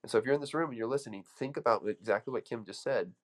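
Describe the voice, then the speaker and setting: A man's voice: medium pitch, rapid-fire. A man coaching an audience with an emphatic, storytelling motivational speech, full of restarts. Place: room with an audience.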